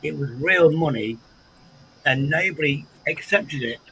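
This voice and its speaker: A man with an English accent hosting a casual livestream chat, animated and swearing freely with frequent repeats. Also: a little high, measured pace, slight background noise, poor audio. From England. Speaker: livestream host.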